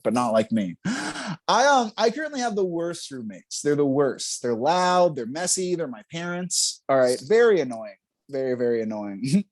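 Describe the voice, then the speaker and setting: High, lively young man doing stand-up. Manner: loose, self-mocking punchlines with frequent laughs. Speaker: stand-up comedian. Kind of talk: stand-up comedy set.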